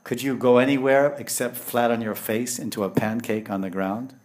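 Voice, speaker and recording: A man giving a devotional lecture in English with Sanskrit and Hindi terms, telling lively stories and swinging from hushed tones to loud bursts. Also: medium pitch, normal speed. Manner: animated, acts out voices and laughter, swings from hushed to loud. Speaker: spiritual teacher.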